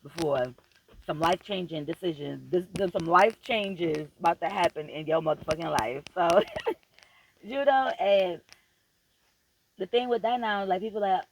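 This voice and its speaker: A woman's voice: lowish voice, normal speed, background noise. A woman vlogger giving a profane, emphatic and preachy motivational rant straight to her viewers, repeating phrases for emphasis.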